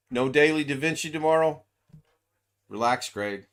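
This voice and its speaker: A man's voice: mid-range voice, moderate pace, fairly bright tone. A man hosting a casual live stream, chatting loosely and reading out viewers' names. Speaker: livestream host.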